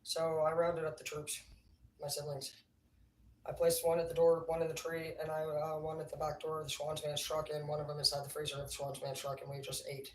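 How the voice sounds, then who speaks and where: A woman's voice: sits low, monotone, fairly quick, a little mellow, a little hiss or hum. A woman livestreaming, telling rambling stories in a casual, profane, laughing way. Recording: roomy, distant mic, faint ambience.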